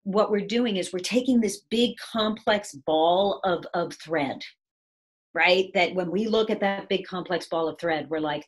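A woman's voice: fairly low pitch, measured pace, breathy edge. A woman giving a conversational talk on resilience over a video call, reflective and often checking in with the listener. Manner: reflective, frequently checking in with "right?". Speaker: speaker on resilience and change.

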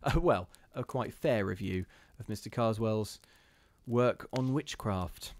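A man's voice: fairly low pitch, slow pace, slight background noise. A man hosting a live ghost story reading, chatting casually with his viewers between passages in a self-deprecating way.

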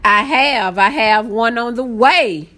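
A woman chatting casually on a live stream, greeting viewers by name and getting excited easily. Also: a little high, slow. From Southern United States. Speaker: planner live-stream host.

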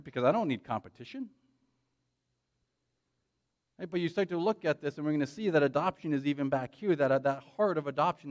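Male pastor, slightly high voice, lively conversational sermon delivery. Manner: animated, frequent "right?" tag questions. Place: church.

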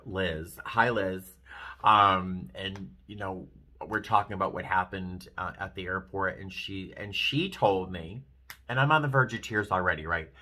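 Middle-aged male vlogger, lowish voice with a bright edge, rambling and emotional, talking straight to camera. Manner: rambling, emotional, self-deprecating. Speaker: flight attendant vlogger. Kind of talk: casual vlog talk to camera.

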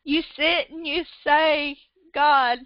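A woman's voice: high voice, slow, no echo. A woman preaching a fervent, emotional sermon online, repeating phrases and laughing through tears. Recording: dull lo-fi sound.

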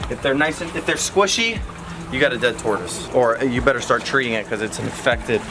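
A man talking to viewers in a casual outdoor vlog, excitable and direct, sometimes out of breath, recorded on an action camera. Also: mid-range voice, a little fast. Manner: excitable, talks straight to viewers. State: out of breath at times. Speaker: vlogger, animal keeper. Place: outdoors, animal yard in hot weather. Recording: outdoor camera audio with noise.

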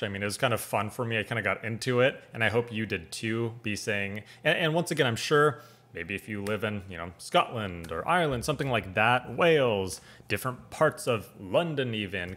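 A man's voice: lowish voice, fairly bright tone. An American man from California hosting a reaction video, talking in a chatty, rambling way with many restarts. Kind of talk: casual reaction commentary.

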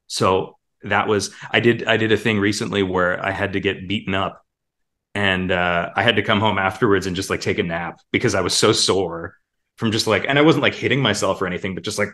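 A man, a voice actor, chatting casually in an interview and now and then slipping into quick character voices. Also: low voice. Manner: relaxed, demonstrates character voices in passing. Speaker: voice actor guest.

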